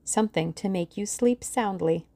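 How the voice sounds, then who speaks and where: A woman's voice: medium pitch, normal speed, dark tone, natural voice. A woman voicing a mockingly genial gun-toting villainess. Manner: mockingly genial, cold threats. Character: menacing cheerful woman villain with a pistol. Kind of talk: audiobook character reading.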